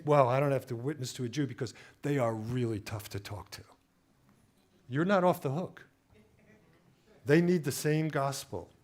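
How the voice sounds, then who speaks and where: Guest preacher, middle-aged man, slightly high voice, animated storyteller who acts out the voices he quotes. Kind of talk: sermon.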